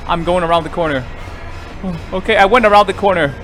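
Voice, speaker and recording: A man commentating a horror game let's play, jumpy and easily startled, swinging between loud yelps and quiet muttering. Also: high voice, fast, soft background music. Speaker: gaming YouTuber.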